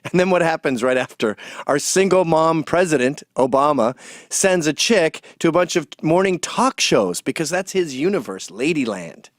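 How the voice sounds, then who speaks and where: A man's voice: fairly high pitch, expressive, normal speed, no room sound, studio quality. A man hosting a comedic commentary, ranting in a sarcastic, mocking way. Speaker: host and commentator.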